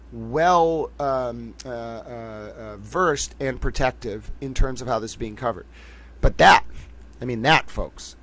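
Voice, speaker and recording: A man hosting a livestream, giving impassioned commentary with emphatic repetition and rhetorical questions. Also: mid-range voice. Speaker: livestream host.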